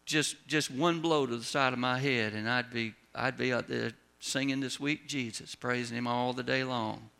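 A man's voice: medium pitch, steady tone, normal speed, gravelly, few pauses, pushed and bright. A man preaching a sermon as a pastor, telling folksy stories and letting his voice drop at the ends of lines.

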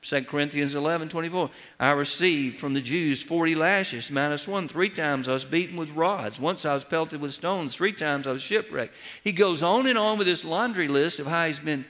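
A pastor telling a story and preaching a sermon with emphatic delivery. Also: male voice, fairly high pitch, normal speed, a bit bright. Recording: long hall reverb.

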